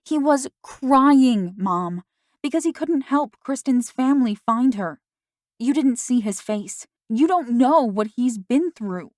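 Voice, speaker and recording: A woman's voice: medium pitch, expressive, moderate pace, a little mellow, no echo, natural voice. Defensive teen girl, read by a woman, insistent, urgent, dry sound. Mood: heated. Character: defensive teenage girl, heated, loyal.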